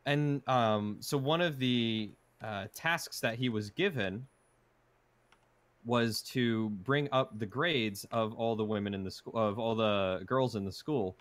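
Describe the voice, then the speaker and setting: A man's voice: medium pitch, slow pace, no room sound. Dry-sounding young man chatting casually. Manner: relaxed, recounting film scenes. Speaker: co-host. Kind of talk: casual chat while doing a puzzle.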